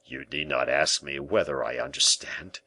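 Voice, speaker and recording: A man's voice: extremely low pitch, fairly even intonation, normal speed, sharp tone, breathy edge, voice pushed down, exaggerated voice. A man voicing a frightened, flustered prison governor in an audiobook, his lines full of panicked exclamations. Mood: anxious. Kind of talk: audiobook character reading.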